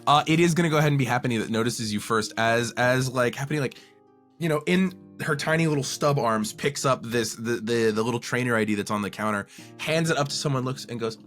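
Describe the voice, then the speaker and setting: A man's voice: mid-range voice, fast talker, a bit bright, faint music behind. A man narrating as game master, rambling with many fillers as he describes scenes.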